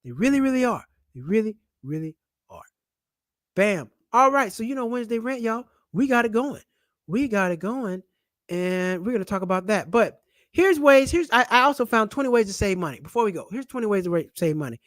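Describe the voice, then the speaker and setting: A man hosting a casual money-saving vlog, loud, animated and slangy, joking his way through a list of tips while seated at home. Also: sits high, a little fast, no echo, clean studio sound. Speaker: channel host and comedian. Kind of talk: casual personal finance vlog rant. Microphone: camera mic.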